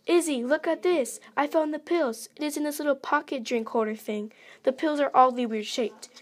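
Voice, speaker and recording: A woman's voice: sits high, moderate pace, close to an everyday voice. A woman reading aloud voices the narrator's worried sister, who sounds reluctant and nervous. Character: girl, the narrator's anxious sister.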